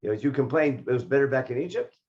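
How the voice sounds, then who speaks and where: A man teaching a Torah class, reading Hebrew verses and explaining them in English, and getting lively when he voices the figures in the text. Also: mid-range voice, rapid-fire, lo-fi sound. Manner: animated when voicing the speakers in the text. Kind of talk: text study lesson.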